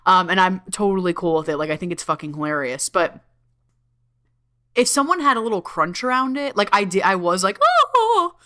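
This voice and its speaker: Bright, giggly woman podcast host. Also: fairly low pitch, a little fast. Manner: bubbly, giggly, swears freely, many fillers. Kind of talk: casual solo podcast talk.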